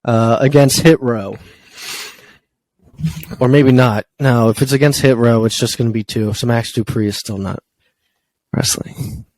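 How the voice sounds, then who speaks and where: A man's voice: mid-range voice, measured pace, long pauses, a little mellow, rough recording. A man co-hosting a casual wrestling podcast, running through news with lots of ums and uhs. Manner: rambling with frequent ums and uhs. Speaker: podcast co-host.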